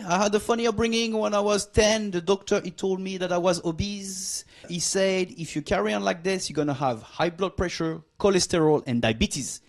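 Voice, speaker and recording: A man from France with a French accent, in his forties, performing a playful, mock-arrogant stand-up routine on a club stage. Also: high voice. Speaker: stand-up comedian.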